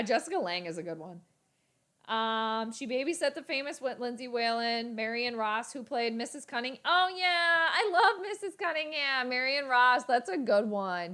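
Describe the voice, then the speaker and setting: Excitable young woman streaming live. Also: a little high. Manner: chatty, reads viewer comments aloud, bursts of excitement at the game. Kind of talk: casual live reaction chat.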